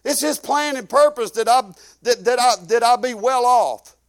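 High-voiced folksy preacher man. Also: normal speed, vocal fry, clean tone. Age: 50s. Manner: folksy, rambling, drops low when quoting himself. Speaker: pastor. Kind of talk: sermon storytelling.

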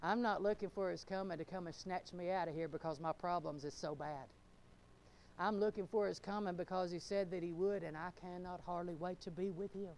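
A middle-aged woman pastor, preaching a fervent sermon that swings between loud exclamations and low, laughing asides. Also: fairly even intonation, brisk, slight background noise.

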